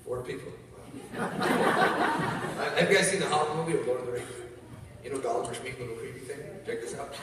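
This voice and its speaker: A man's voice: mid-range voice, wildly swooping pitch, normal speed, pauses often. A man telling funny stories to an audience as a motivational speaker, playful and laughing often. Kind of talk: storytelling talk to an audience. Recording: echoey hall from far off, noisy.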